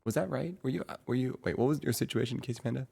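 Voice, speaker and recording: A man livestreaming and chatting casually to his viewers, rambling and often pausing to search for words. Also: medium pitch, creaky, dark tone, slightly rough. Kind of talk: casual chat to stream viewers.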